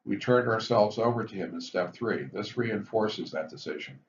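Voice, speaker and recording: A man explaining the twelve recovery steps in a measured, explanatory lecture, stressing each step heading. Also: on the low side. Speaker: physician teaching addiction recovery. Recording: dull lo-fi recording with faint hiss.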